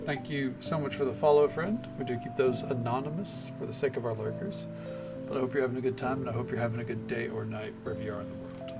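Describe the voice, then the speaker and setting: A man's voice: mid-range voice, steady tone, quick pace, recorded from a distance. A man streaming a farming game, chatting casually and thanking viewers between lines of game dialogue. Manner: friendly, chatty asides to viewers. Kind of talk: casual gameplay commentary. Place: home streaming setup. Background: lo-fi music.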